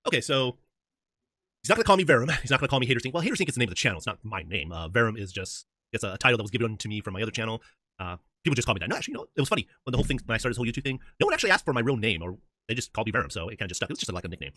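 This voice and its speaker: A man talking as a guest in a casual chat, animated and mocking, with plenty of swearing. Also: mid-range voice, racing, no room sound. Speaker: debate guest.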